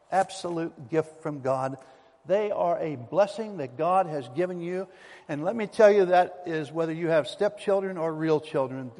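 In a church sanctuary full of long, echoing reverb, a pastor delivers his sermon with emphatic, folksy storytelling. His voice is a little high and slightly mellow.

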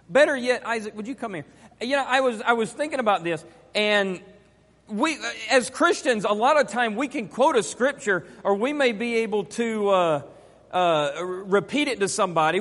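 A middle-aged man preaching a sermon as pastor, earnest and repeating his questions, rising to forceful emphasis. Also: high-pitched. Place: church sanctuary. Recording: long hall reverb.

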